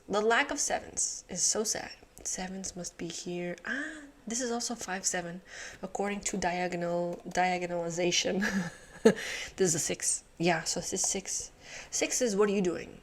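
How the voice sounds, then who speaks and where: Host, female, mid-pitched, casual think-aloud solving, mutters, swears, laughs a lot. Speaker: puzzle channel host.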